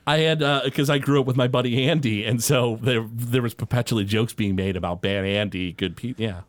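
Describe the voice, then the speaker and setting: A man's voice: mid-range voice, a little fast, no room sound. A man co-hosting a podcast in casual chat, telling stories animatedly and laughing easily. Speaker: podcast co-host.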